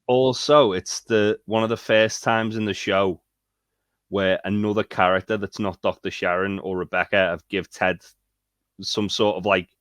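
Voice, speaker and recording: A man's voice: on the low side, steady tone, moderate pace, fairly bright tone, no echo. A man co-hosting a podcast, making a rambling point in casual chat. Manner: rambling, searches for words. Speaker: podcast co-host.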